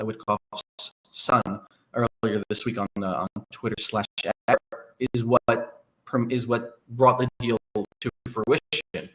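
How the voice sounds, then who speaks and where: A man speaking as a guest analyst on a podcast, explaining at length in a measured way. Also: mid-range voice, fairly bright tone, rough recording. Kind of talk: conversational podcast interview.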